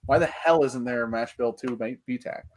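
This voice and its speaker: A man hosting a casual whiskey chat, animated, swearing freely and laughing often. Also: medium pitch, brisk, rough recording. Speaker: podcast host.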